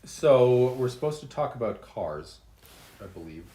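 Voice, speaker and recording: A middle-aged man hosting a casual podcast, joking and halting with fillers. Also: medium pitch, very animated, dark tone, reverberant. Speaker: podcast host. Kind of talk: casual chat.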